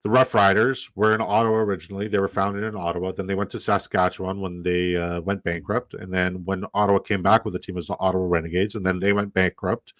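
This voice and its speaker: A man's voice: low-pitched, level tone, fast, hardly any pauses, a bit bright, dry recording. A man from Canada hosting a live stream in casual chat, rambling, swearing and repeating himself.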